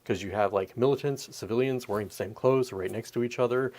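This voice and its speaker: A man's voice: mid-range voice, brisk, darkish tone. Profane, rambling man ranting. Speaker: podcast host. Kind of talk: casual opinion rant.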